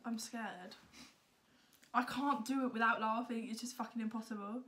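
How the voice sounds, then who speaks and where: A woman's voice: on the high side, fairly even intonation, moderate pace, fairly bright tone. A young woman hosting a casual vlog at home, giggling often and swearing casually. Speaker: vlog host. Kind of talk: casual chat.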